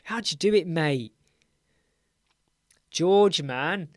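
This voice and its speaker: A man's voice: fairly high pitch, lively intonation, slow pace, long pauses, no room sound, clean studio sound. A middle-aged man from England hosting a casual live Q&A stream. He sounds tired and yawns now and then, chats loosely and greets viewers by name. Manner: chatty, greets viewers by name, repeats words. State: tired, yawning. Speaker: livestream host.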